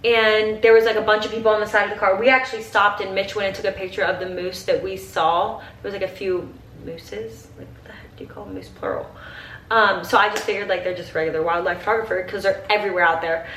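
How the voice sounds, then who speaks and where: A woman's voice: medium pitch, steady tone, fast, a bit bright, reverberant, distant mic, slight background noise. A young woman in her twenties chatting while getting ready, gushing and saying "like" constantly, teary at times. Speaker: vlogger. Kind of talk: get-ready-with-me chat.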